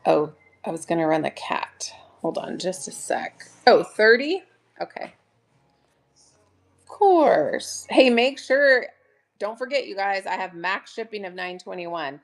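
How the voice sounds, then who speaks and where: A middle-aged woman hosts a chatty live selling stream, bubbly and gasping excitedly as she greets viewers by name. She speaks in a mid-range voice at a measured pace.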